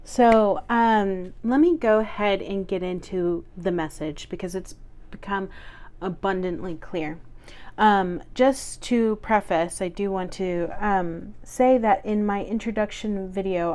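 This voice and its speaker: A woman giving a tarot reading to her viewers, talking gently and earnestly with many fillers and repeated words. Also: medium pitch, clear, resonant tone. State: choked up, teary. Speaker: tarot reader. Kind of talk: solo tarot reading to camera.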